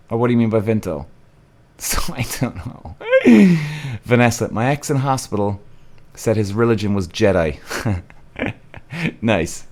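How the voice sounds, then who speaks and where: In casual live-stream chat, an Irishman from Cork reads his viewers' comments on a live podcast, exasperated, blunt and swearing freely. His voice sits at medium pitch with a slightly mellow quality.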